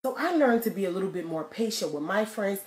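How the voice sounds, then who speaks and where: A young woman doing comedic storytelling, profane and animated, acting out the people in her story. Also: medium pitch, quick pace, roomy sound, slight background noise. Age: young adult. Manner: profane, animated, acts out voices.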